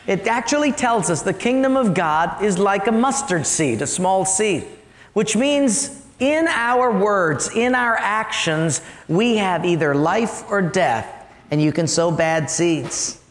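A male pastor giving a sermon, animated and storytelling, asking the congregation to join in. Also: high voice, slow pace, reverberant, long reverb tail.

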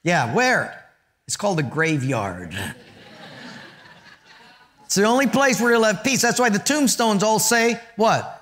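A man preaching a sermon, joking with the congregation and dropping to a hush for emphasis. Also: high voice, unhurried, pauses often, slight background noise. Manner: animated, joking, dramatic drops to a hush. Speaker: pastor.

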